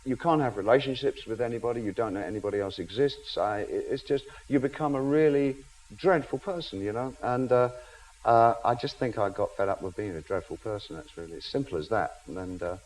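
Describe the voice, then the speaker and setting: A man's voice: medium pitch, brisk, a little mellow, rough recording. A man in his fifties, a chat show guest in a television studio, telling self-mocking anecdotes and laughing through them. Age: 50s.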